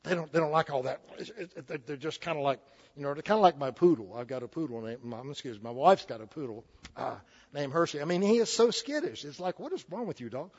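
A man's voice: on the high side, animated, fast. A man in his sixties gives a sermon in a slightly raised voice, folksy and joking as he stumbles through restarts. The recording is dull and lo-fi. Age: 60s. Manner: folksy, jokey, with frequent restarts. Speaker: preacher.

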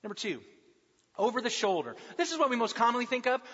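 A pastor preaching a sermon in a conversational, humorous way that often slips into mimicking people. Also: male voice, very high voice, very animated, fast talker, fairly bright tone. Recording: dull sound with long hall reverb.

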